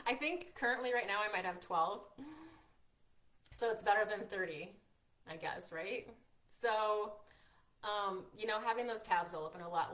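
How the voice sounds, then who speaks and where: A woman hosting a live-streamed workshop, chatty and encouraging, reading out viewers' comments and filling pauses with "like" and "um". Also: medium pitch, pushed and bright. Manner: encouraging, frequent fillers like "like" and "um". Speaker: workshop host and coach.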